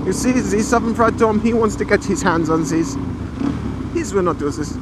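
A man's voice: sits high, normal speed, close to an everyday voice. A man putting on an exaggerated fake French accent as a boastful, silly biker, talking in broken grammar for a motorcycle vlog. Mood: hammy. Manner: hammy, playful, broken grammar. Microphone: helmet-mounted action camera mic. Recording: loud wind and engine noise.

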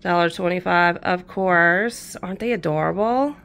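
A woman's voice: on the low side, normal speed, vocal fry, a bit bright. A woman, chatting fondly as she shows off her shopping haul and talks to her cat. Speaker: crafting channel host. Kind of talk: casual haul show-and-tell.

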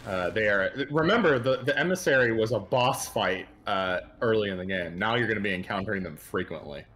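A man co-commenting a let's play over a voice call, relaxed, explaining game mechanics and joking. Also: on the low side, a little fast. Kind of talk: casual gameplay chat over a call.

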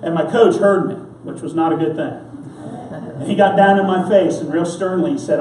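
A man's voice: on the high side, moderate pace, a little mellow, a little hiss or hum. A man pastor preaching an earnest, emphatic sermon, telling stories to drive his points home. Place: church sanctuary. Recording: roomy church sound from a distance.

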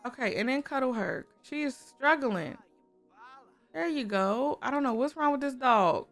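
A woman's voice: high voice, animated, normal speed, a bit bright, soft background music. Chatty woman narrating her gameplay. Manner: chatty, exclaiming, talks to viewers and game characters. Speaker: gaming YouTuber. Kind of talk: casual game commentary.

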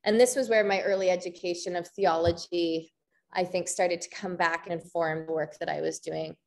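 A Canadian woman in her thirties giving an artist talk, pausing often with ums and restarts. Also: lowish voice, fairly even intonation, vocal fry, darkish tone. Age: 30s. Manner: hesitant, frequent ums and restarts. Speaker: visual artist.

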